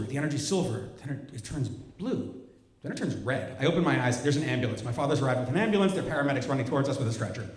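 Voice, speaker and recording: A man tells a personal story from a stage, his voice carrying the roomy ring of a hall. His telling is vivid and wry, poking gentle fun at himself, at a middle pitch. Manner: wry, vivid, self-mocking. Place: stage of a cultural center hall.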